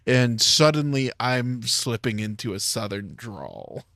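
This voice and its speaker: A man's voice: mid-range voice, animated, slow, fairly bright tone, dry recording, studio quality. A man streaming a game, reading its lore text aloud and joking about his own slips. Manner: reads in-game text aloud, stumbles and jokes at himself.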